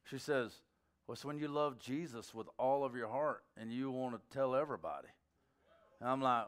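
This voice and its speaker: A middle-aged male pastor giving an informal sermon, telling stories in a conversational way with sudden bursts of excitement. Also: medium pitch, normal speed.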